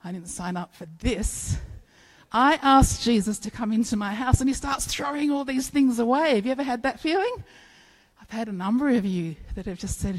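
A woman preaching a sermon, telling stories in an animated way and acting out playful bits of dialogue. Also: a little high, moderate pace, rough recording.

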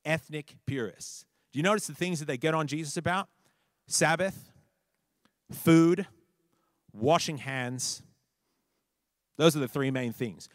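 A man preaching a conversational sermon, animated, repeating words for emphasis and checking in with listeners. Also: a little high, dry recording, studio quality.

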